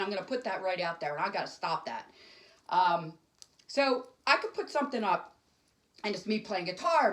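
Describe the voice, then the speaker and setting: A woman's voice: fairly high pitch, fairly bright tone. A middle-aged woman doing solo stand-up to camera at home, rambling and emotional, jumping between topics. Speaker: stand-up comic. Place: home, alone.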